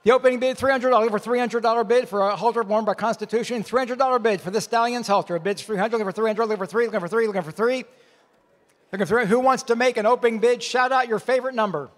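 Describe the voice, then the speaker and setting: High-voiced auctioneer in a reverberant hall. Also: male voice. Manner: rapid repetitive bid calling. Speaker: charity auctioneer. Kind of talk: live auction calling. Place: large event hall.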